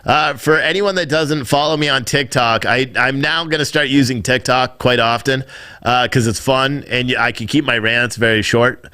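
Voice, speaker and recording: A man's voice: medium pitch, moderate pace, pushed and bright, clean tone. A man in his thirties hosting a live stream, rambling and swearing as he reads chat. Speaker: live streamer, news show host. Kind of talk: casual live-stream commentary.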